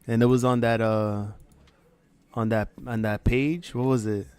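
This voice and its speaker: A man with a New York accent hosts a casual livestream, drawling along at an unhurried pace. His voice sits at an ordinary middle pitch, and his manner is loose and laid-back, with frequent laughs and easy swearing. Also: fairly even intonation, a little mellow, clean tone, no echo. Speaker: livestream host.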